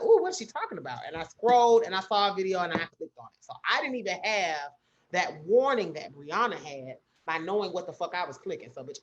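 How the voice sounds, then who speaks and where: A woman's voice: lowish voice, highs cut off. A woman co-hosting a podcast, telling a story in casual chat and acting out the people in it. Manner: animated storytelling with quoted voices. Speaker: podcast co-host.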